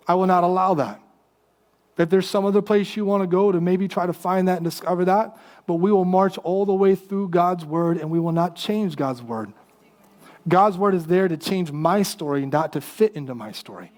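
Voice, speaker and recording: A man's voice: high voice, moderate pace, a little mellow. A man, a pastor, preaching in firm, declarative statements. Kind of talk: sermon excerpt.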